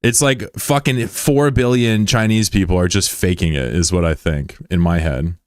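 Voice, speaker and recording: A young man streams a game and chats with viewers in a joking, sarcastic, rambling way. His voice sits very low, and the sound is dry and close to the mic. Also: normal speed, smooth, no room sound. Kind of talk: casual livestream chat.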